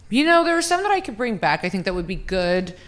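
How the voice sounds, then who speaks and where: A woman's voice: medium pitch, very animated, fast talker, a bit bright. A woman comedian chatting as a guest in a podcast studio, swearing freely and making fun of herself. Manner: swears freely, self-deprecating. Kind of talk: casual chat.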